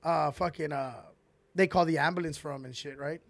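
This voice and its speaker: A man hosting a podcast, telling a long story in a rambling, animated way and swearing heavily, on a close mic. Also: on the high side, fairly quick, vocal fry, no room sound. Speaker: podcast host. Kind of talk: casual storytelling.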